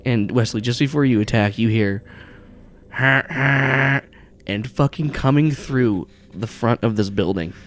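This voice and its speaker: Low-voiced man narrating a tabletop game. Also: normal speed, few pauses, a little mellow. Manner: rambling, full of fillers and swearing. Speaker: game master.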